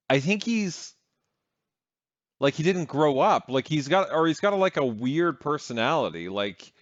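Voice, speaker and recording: A man's voice: on the high side, dry recording, highs cut off. Sarcastic man reacting over a clip. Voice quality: mocking, sarcastic. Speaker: reaction commentator.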